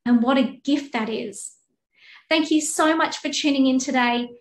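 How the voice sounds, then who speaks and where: A woman, a life coach, giving a calm, measured, encouraging coaching talk. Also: high-pitched. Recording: echoey room.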